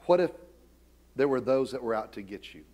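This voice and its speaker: Preaching with a medium-pitched, expressive voice, this middle-aged pastor talks a little fast. He pokes fun at himself, slips into hushed asides, and builds to loud, forceful calls.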